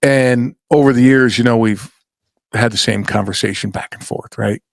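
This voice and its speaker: A man's voice: mid-range voice, moderate pace, gravelly, no room sound. Middle-aged guy hosting a podcast, swearing and rambling through stories, dry close sound. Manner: swearing, storytelling with acted-out quotes. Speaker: podcast host. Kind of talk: casual chat.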